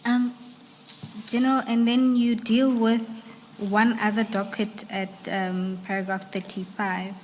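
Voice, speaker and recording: A woman leads evidence at a formal hearing, putting questions to a witness in a steady, flat tone and filling pauses with um. The sound rings with long echo, and faint room noise sits behind her. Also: on the high side. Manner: even, fills pauses with um.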